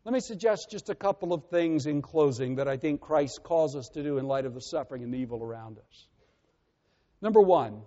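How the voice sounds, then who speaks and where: A man preaching a sermon as pastor, earnest and measured, often letting his voice sink softly at the ends of phrases. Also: a little high, expressive. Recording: muffled with long reverb.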